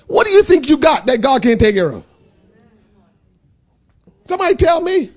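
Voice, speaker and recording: A man preaching a sermon in a church, swinging between shouted preaching and quiet talk. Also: extremely high pitch, very animated, moderate pace, pauses often. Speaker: pastor. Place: church sanctuary.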